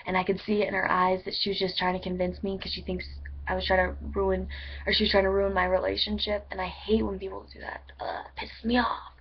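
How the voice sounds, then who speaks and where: A woman's voice: mid-range voice, monotone, fast, breathy edge. Rambling woman vlogging, dull lo-fi sound. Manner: rambling, chatty, swears freely. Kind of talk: casual storytelling to camera. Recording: dull lo-fi webcam audio with faint noise.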